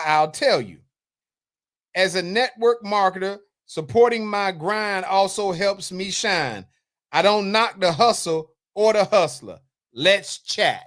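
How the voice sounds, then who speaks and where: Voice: medium pitch, fairly bright tone. A host from the Carolinas reads viewer comments aloud on a livestream, teasing and scolding the chat in a loose, chatty way. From North Carolina, US South.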